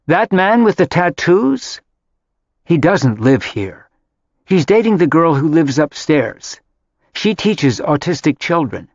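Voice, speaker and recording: A man's voice: a little high, very animated, slow pace, dry recording, pitched above the performer's own voice, heavily acted. A male narrator voicing an embarrassed grown daughter who answers her mother sternly and defensively. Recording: dry, slightly dull audiobook audio.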